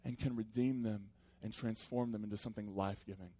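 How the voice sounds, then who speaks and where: A man who is a pastor, preaching a sermon to his congregation in a conversational, earnest way that drops into soft, reflective passages. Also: lowish voice, fairly even intonation, fast talker.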